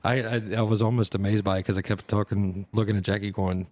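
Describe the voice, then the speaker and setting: Flat, low-voiced male podcast host. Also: no echo. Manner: halting, many restarts and laughs. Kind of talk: casual podcast chat.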